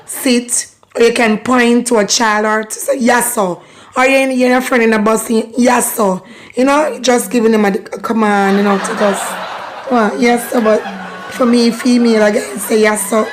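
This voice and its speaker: Hoarse Jamaican woman, host of a casual patois lesson; fairly high, chatty, laughing often; noisy crowd behind. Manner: chatty, laughing often, repeats phrases for learners.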